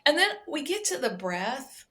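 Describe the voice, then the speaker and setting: A woman's voice: high-pitched, sing-song, a little slow, a bit bright. A woman speaking as a guest somatic healer on a podcast, explaining expressively and checking in with frequent "right?" asides. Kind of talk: conversational podcast interview.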